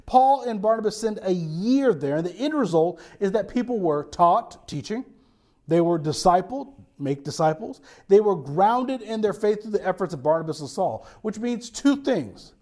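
Male pastor, high voice, lively sermon with restarts and asides. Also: normal speed. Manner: animated preaching with restarts and asides.

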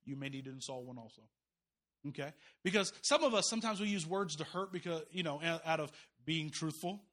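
A man preaching an impassioned, folksy sermon, rising to loud urgent peaks and dropping to quiet asides. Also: on the high side, fairly quick. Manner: folksy, uses y'all and slang. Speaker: guest preacher.

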